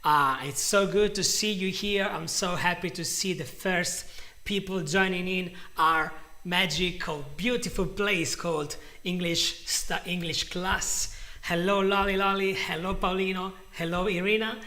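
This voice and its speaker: A man's voice: sits high, fairly even intonation, unhurried, sharp tone. A young man teaching a live-streamed English lesson, greeting viewers in a chatty way and often restarting his sentences.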